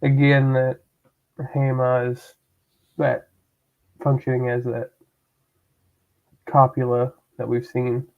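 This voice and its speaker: Slow halting student over a tinny line. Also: male voice, medium pitch, monotone, vocal fry. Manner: slow, halting, feeling his way. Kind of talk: reading and translating in class. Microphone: video call. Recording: tinny phone-like call audio.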